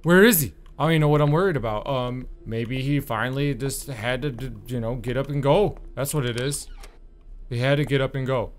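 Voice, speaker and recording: A man's voice: medium pitch, a little fast, faint music behind. A young man commenting on a horror game he is playing, nervous and jumpy, swearing and joking to himself. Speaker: gaming YouTuber.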